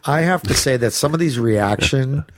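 A man in his thirties chatting casually as a podcast co-host, eager and halting with lots of fillers. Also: medium pitch, animated, no room sound, clean studio sound. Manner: enthusiastic, halting, filler-heavy. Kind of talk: casual chat.

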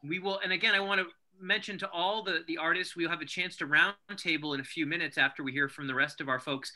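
Man, online show host, casual, restarts, video call, very bright higher voice. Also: fairly even intonation, fast talker. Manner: friendly, stumbling restarts. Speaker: host of an online arts program. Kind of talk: casual hosting.

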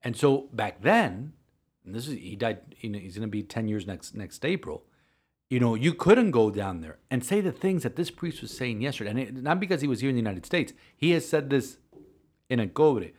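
Earnest halting priest, podcast chat. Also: male voice, medium pitch, expressive, a little mellow, slightly rough. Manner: earnest, halting with many restarts.

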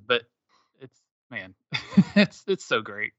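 Bright-toned rambling podcast co-host man. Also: mid-range voice, big pitch swings, a little slow, no echo. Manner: rambling, laughs often, many fillers. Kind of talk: casual chat. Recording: slightly dull lo-fi sound.

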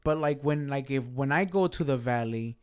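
A man's voice: mid-range voice, moderate pace, clear, resonant tone. A man, chatting casually and rambling with friends, joking around. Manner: relaxed, rambling, jokey. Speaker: friend in chat. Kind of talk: casual chat.

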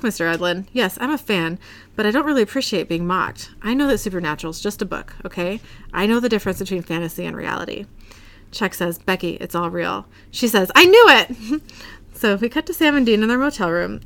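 A woman co-hosting a podcast recaps a TV episode scene by scene, reading scenes aloud and quoting the characters' lines with light acting. Her voice is medium-pitched and a bit bright.

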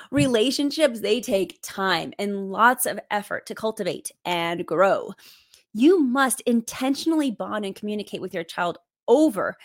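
A woman coaching parents with direct, emphatic advice, laughing lightly between points. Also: on the high side.

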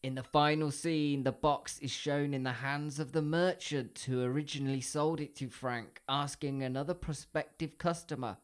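A man's voice: a little high, steady tone, normal speed, few pauses, smooth. A man co-hosting a podcast, recapping a horror film plot in a jokey, casual way and laughing often. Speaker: podcast co-host.

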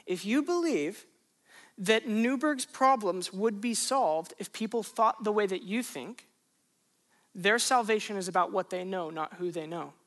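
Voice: medium pitch, expressive, unhurried, fairly bright tone. A pastor preaching a sermon in a conversational way, asking rhetorical questions and repeating phrases for emphasis.

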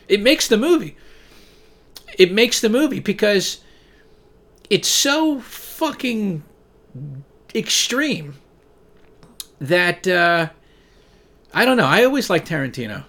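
A man talking casually to his viewers, reading their messages aloud and rambling, with frequent swearing and sudden loud rants. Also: sits high, expressive, slow pace, long pauses. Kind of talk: casual profane monologue.

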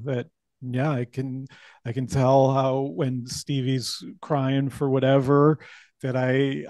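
A man's voice: medium pitch, warm tone, dry recording. A man in casual conversation as a podcast co-host, speaking thoughtfully and a little hesitantly, often restarting his sentences.

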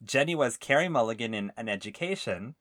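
A man's voice: medium pitch, lively intonation, fairly bright tone, dry recording. A man co-hosting a film podcast, chatting casually and teasing his co-host. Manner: playful, teasing, quick laughs. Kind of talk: casual chat.

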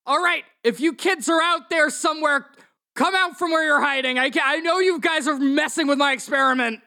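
A man voicing an angry, impatient male mad scientist who shouts at hidden kids in a tabletop game. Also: extremely high pitch, brisk, creaky, voice pushed up, full character voice.

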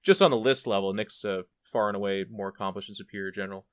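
A man speaking as a podcast guest, telling his story in an animated, profane, self-deprecating way. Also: fairly low pitch, fast, no room sound, studio quality. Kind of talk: casual storytelling.

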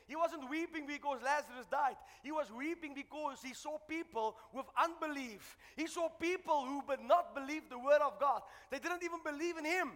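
A man preaching a sermon as pastor to his congregation, building to shouted exhortations and dropping to chatty asides. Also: very high-pitched, moderate pace, hardly any pauses, in a large hall. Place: church.

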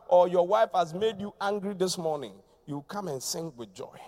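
A man from Ghana preaching a sermon, repeating phrases and swinging between shouts and quiet, low lines. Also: normal speed, hardly any pauses. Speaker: pastor.

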